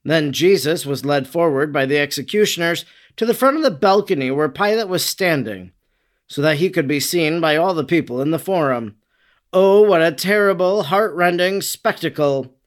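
A man's voice: fairly high pitch, expressive, normal speed. A man reading a devotional narrative aloud in a solemn, dramatic manner, raising his voice for quoted lines. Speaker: reader.

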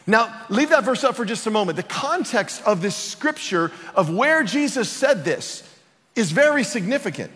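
A man's voice: high voice, big pitch swings, normal speed, a bit bright. A man preaching a sermon as pastor, emphatic and building to passionate declarations. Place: church auditorium. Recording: long reverb of a large hall.

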